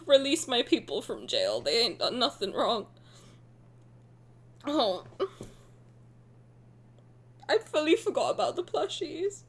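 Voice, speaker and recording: A young woman streaming a reaction to a game trailer, excitable and gushing, swearing and laughing as she talks. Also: sits high. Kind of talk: casual live reaction chat.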